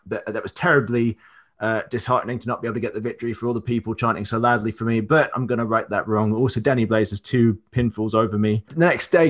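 A man talks through a list of upcoming matches in a relaxed podcast chat. He keeps it loose and conversational, dropping frequent fillers as he goes. His voice sits in an ordinary middle pitch. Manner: reels off a match card, loose and chatty with many fillers. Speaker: wrestler and promoter guest.

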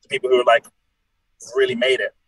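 This guest, a wrestler in his late 20s, is an animated storyteller who keeps things jokey in a casual podcast chat. He talks fast in a mid-range voice with a breathy edge, on a rough recording without echo.

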